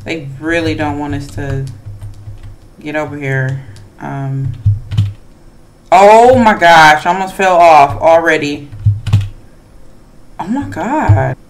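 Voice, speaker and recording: Chatty let's play gamer, slow speech. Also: medium pitch, slight background noise. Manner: chatty, talks back to game characters and other players; nervous, hushed asides between excited outbursts. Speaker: gamer playing horror games.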